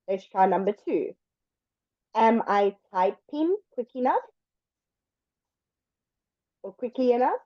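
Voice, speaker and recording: Slow, patient woman teaching English. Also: on the high side, lively intonation, dry recording, lo-fi sound. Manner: patient, slow and deliberate, stretching words to demonstrate. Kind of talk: online language lesson.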